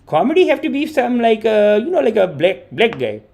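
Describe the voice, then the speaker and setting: A man imitating his mother, an older immigrant woman who speaks excited, repetitive broken English. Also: high voice, a little fast, vocal fry, pitched above the performer's own voice, full character voice. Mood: matter-of-fact.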